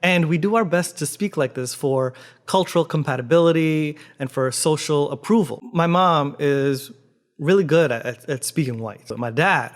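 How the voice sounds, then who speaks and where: A man from Canada speaks straight to camera, laying out his ideas in a clear, measured, explanatory way. His voice sits a little higher than most men's. The tone is casual, like a theatre artist chatting with his audience.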